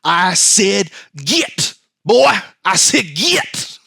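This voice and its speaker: A man voicing God as a cranky old male deity who shoos people off in a shrill, drawling voice. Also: very animated, drawn-out words, vocal fry, bright, forceful tone, breathy edge, dry recording, clean studio sound, heavily acted. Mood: scolding.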